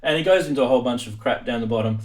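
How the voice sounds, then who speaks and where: A man hosting a live stream, chatting casually, animated and laughing often. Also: mid-range voice, very fast.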